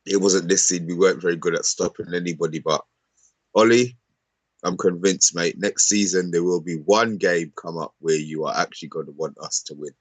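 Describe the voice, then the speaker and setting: A man co-hosts a live football stream, teasing his partner in easy banter. His voice is low and a little husky. It sounds dry and close to the mic. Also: steady tone, brisk, dry recording. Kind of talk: casual live stream chat.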